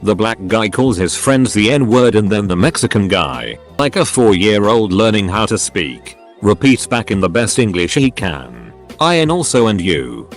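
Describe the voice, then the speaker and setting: A man narrating scripted funny online stories in a lively storytelling manner. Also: lowish voice, normal speed, few pauses, faint music behind.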